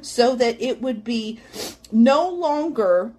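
A woman's voice: fairly high pitch, animated, slow, darkish tone. A woman giving a casual devotional teaching, earnest and reflective, often adding "like" and small laughs. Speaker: devotional podcast host.

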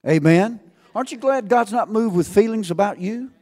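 A man preaching a sermon to a congregation, swinging between loud calls and hushed asides and asking rhetorical questions. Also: high voice, lively intonation, normal speed.

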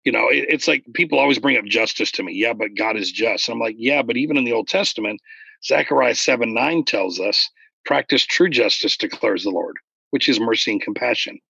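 A man in casual conversation about faith, explaining earnestly and getting animated when he retells stories. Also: medium pitch, fairly quick, gravelly, breathy edge, no room sound, lo-fi sound.

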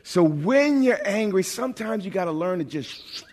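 High-voiced preacher in a reverberant hall. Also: male voice, moderate pace. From New York. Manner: lively, humorous preaching with repeated words. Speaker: pastor. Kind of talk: sermon. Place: large church sanctuary.

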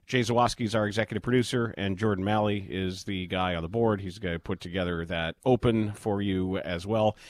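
A man's voice: lowish voice, no echo. A man hosting sports talk radio in a studio, bluntly ranting with exasperation. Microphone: studio mic.

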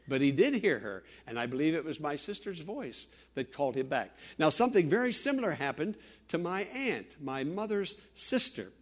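A man from Western Pennsylvania preaches a radio sermon with a somewhat high-pitched voice. He tells personal stories earnestly, swinging from loud exhortation to hushed, quiet tones. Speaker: pastor.

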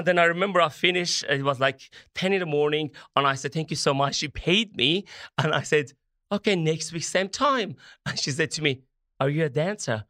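A man, speaking English as an as an interview guest. He tells his stories in an animated way and acts out the dialogue. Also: a little high, fairly quick, no room sound, clean studio sound. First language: French. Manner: animated, acts out dialogue, non-native grammar. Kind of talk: interview storytelling.

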